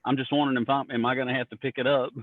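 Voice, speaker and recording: A man's voice: medium pitch, level tone, very fast, no echo. Teasing man host on a tinny line. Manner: teasing, joking. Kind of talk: casual chat. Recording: dry phone-like sound.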